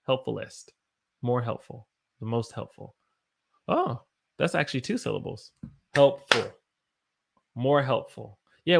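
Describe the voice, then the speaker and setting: Brief: American male English teacher, mid-pitched voice, casual live-stream talk that answers viewers between examples. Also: gravelly. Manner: stops to self-correct and search for examples.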